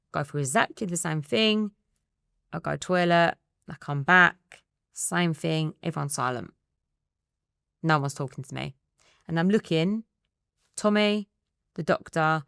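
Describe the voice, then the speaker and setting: Low gravelly-voiced Essex woman. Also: fairly bright tone, no echo, studio quality. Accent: Essex English. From England. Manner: rapid storytelling that re-enacts dialogue. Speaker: guest. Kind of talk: candid emotional interview.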